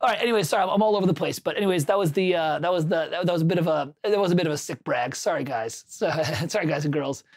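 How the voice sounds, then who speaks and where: A man's voice: on the high side, rapid-fire, hardly any pauses. A man hosting a livestream, chatting casually, telling a rambling anecdote with self-corrections and answering viewers' chat.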